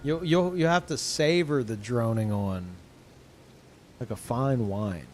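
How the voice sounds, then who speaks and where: A young man streaming games, tired and low on energy, rambling in casual chat with lots of swearing, ums and restarts. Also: takes it slowly, a little mellow, slight background noise. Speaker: game streamer.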